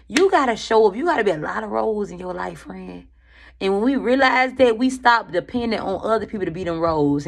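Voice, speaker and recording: Animated, slangy woman speaking to viewers. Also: mid-range voice. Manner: animated, slangy, swears freely, calls viewers "friend". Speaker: tarot reader. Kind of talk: casual motivational chat to viewers.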